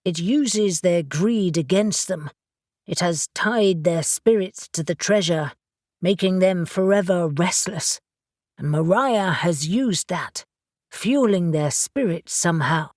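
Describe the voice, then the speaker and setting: A woman narrating an audiobook voices a serious, knowledgeable male witch who explains things in a measured way. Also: on the low side, darkish tone, no room sound, studio quality. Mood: focused. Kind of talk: audiobook character voice.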